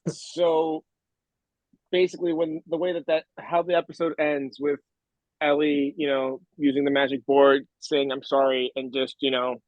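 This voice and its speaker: A man's voice: a little high, normal speed, dry recording, dull audio. A man who is a panelist in a casual review chat, speaking hesitantly with repeated fillers.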